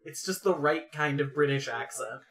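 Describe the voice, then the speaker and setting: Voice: medium pitch, moderate pace, a bit bright. A podcast co-host in casual chat, playfully dramatic and mock-indignant while rating things.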